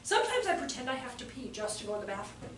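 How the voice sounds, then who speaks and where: A woman's voice: a little high, very animated, very fast, a little hiss or hum. A woman presenting a live workshop for teachers, telling chatty stories and acting out quotes in voices, recorded in a room with an audience. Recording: echoey room, distant mic, faint ambience.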